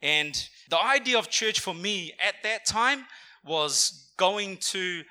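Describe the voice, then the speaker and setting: A young man preaches to a church congregation in an energetic, conversational way, often asking them to repeat words back to him. His voice sits high, with a very bright, forceful edge. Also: slow pace, clean tone. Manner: energetic, conversational, calls for audience response. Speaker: pastor. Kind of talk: sermon. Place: church auditorium.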